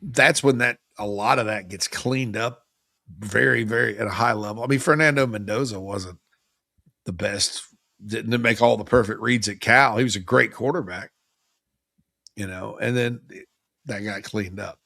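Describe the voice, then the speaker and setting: A man hosting a sports talk show, chatting casually and joking with quick asides. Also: lowish voice, vocal fry, sharp tone, dry recording.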